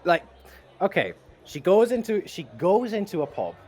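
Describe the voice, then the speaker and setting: A young man co-hosting a casual podcast chat, giggly and excitable. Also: high voice, normal speed, soft background music. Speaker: podcast co-host.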